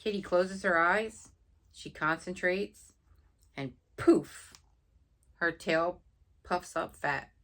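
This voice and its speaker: A woman reading a picture book aloud at bedtime, gentle and pausing to point things out to the listener. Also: lowish voice. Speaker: storybook reader.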